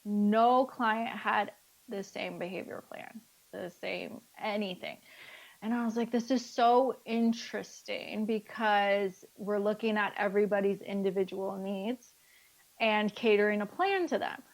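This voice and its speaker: A woman speaking as a life coach guest in a casual interview, lively and acting out the dialogue she quotes. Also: mid-range voice, a little slow.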